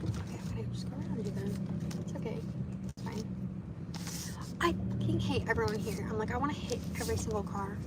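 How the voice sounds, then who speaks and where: A woman's voice: on the high side, animated, brisk, pauses often. A young woman livestreaming casually from her car, swearing and muttering at other drivers as she looks for parking. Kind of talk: casual live stream chat while driving. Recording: loud car noise behind voice. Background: car and road noise.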